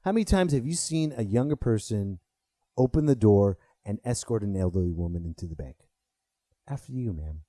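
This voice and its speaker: Male comic in his thirties, casual podcast monologue, mellow voice, dry close recording. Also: fairly low pitch, brisk, dry recording. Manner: animated, swearing, rises sharply when riled. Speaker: podcast host and stand-up comedian.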